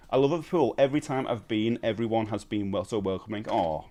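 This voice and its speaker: A man's voice: lowish voice, quick pace, a little mellow, faint music behind. Chatty British man hosting a live stream. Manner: chatty, laughs often, many fillers and restarts. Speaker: livestream host. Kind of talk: casual chat reading viewer comments.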